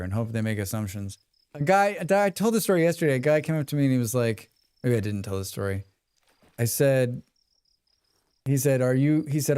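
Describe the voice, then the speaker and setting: A man's voice: mid-range voice, a little mellow, clear, resonant tone. An American man chatting casually to his live chat while playing a game, rambling through asides and reading tutorial text aloud. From United States. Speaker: streamer. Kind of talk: casual live gameplay commentary.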